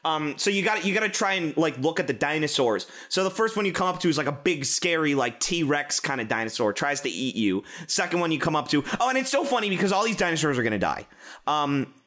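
Bright, high-voiced excitable man. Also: quick pace. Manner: rambling, excitable storytelling with frequent swearing and laughter. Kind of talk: casual chat.

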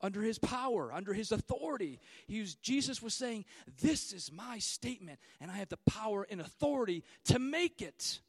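A man with a very high voice preaches a sermon in church. He builds to loud, repeated declarations, then drops into casual asides to his congregation. The sound is close and dry. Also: very animated, normal speed, few pauses, no room sound. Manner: rises to loud emphatic repetition.

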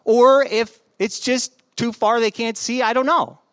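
A man preaching a sermon in a relaxed, conversational way, telling stories with humor. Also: very high voice, unhurried, no echo. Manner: conversational, joking storyteller. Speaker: pastor.

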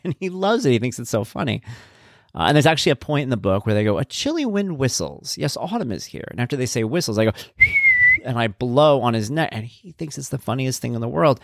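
Man, fatherly, earnest personal vlogger, medium pitch with a gravelly edge. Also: no room sound, clean studio sound. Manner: earnest and reflective, with frequent "you know". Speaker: father talking about raising his son. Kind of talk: casual personal talk.

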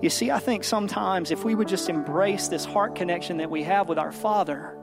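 A man's voice: high-pitched, a little fast, few pauses. A man in his thirties preaching an earnest sermon to a congregation, telling a story to make his point. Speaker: pastor. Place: church service. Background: soft background music.

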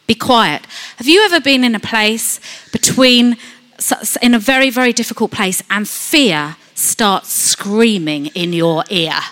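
A woman preaching with a bright, high-pitched voice. She talks to the congregation conversationally, full of rhetorical questions, and jumps into sudden high shouts when she acts out fear. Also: measured pace. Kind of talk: sermon.

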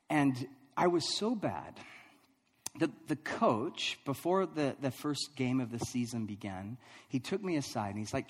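A man preaching a sermon, telling a funny personal story with lively, self-deprecating delivery and frequent laughs. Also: medium pitch, big-room sound. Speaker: pastor.

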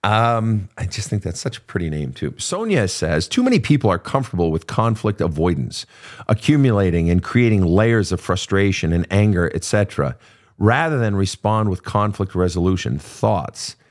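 A man's voice: sits low, normal speed. An older man hosting an advice show, talking casually and profanely, acting out quotes from clients as he tells stories. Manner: animated, profane, storytelling with acted quotes. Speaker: podcast host and therapist.

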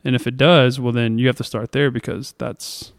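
A man's voice: medium pitch, fairly even intonation, normal speed, gravelly, dry recording. A man co-hosting a podcast, talking through a book chapter on faith in an earnest, thinking-aloud way with fillers. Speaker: podcast co-host. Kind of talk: casual faith discussion.

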